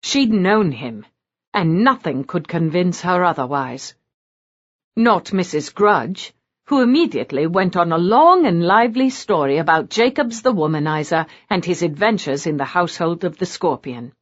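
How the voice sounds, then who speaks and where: A woman narrates a novel in a lower register, her delivery rising and falling with animated expression. The recording is muffled and lo-fi, with the top end dulled. The reading is steady, scripted storytelling. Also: normal speed. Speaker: audiobook narrator.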